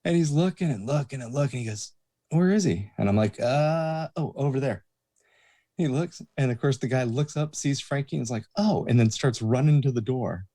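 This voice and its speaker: Dark-toned male bartender telling stories. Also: mid-range voice, a little fast. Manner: animated anecdotes, acts out quoted voices. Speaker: guest, bouncer and bartender. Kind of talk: casual storytelling chat.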